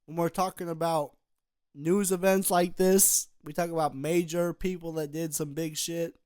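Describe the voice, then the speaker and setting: A man's voice: fairly high pitch, little pitch movement, normal speed, clear, resonant tone, no echo. Man co-host telling crude jokes. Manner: drops to a quiet storytelling voice for jokes. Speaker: podcast co-host. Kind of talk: casual chat, telling jokes.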